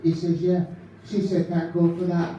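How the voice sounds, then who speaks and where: A man's voice: high voice, monotone, moderate pace, muffled recording, background noise, close to an everyday voice. A man doing an impression of a nervous, giggly male stand-up comedian who rambles through his jokes at a live show. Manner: nervous laughing, rambling gag delivery. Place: live concert venue. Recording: echoey hall mic from far off.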